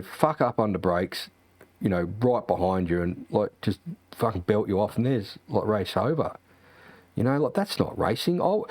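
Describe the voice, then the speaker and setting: A man's voice: on the low side, a little mellow, no echo. A man, a sim racing streamer, chatting casually and ranting with lots of profanity and fillers. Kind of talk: casual chat.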